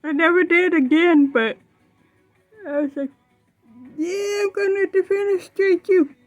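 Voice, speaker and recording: A woman's voice: extremely high pitch, unhurried, no room sound, soft background music. A woman telling a funny story in a casual way, giggling and laughing often.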